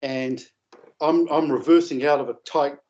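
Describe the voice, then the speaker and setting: A man's voice: on the high side, normal speed. Rambling New man, lo-fi. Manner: rambling, animated anecdote with coarse language. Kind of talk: casual storytelling. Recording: dull lo-fi audio.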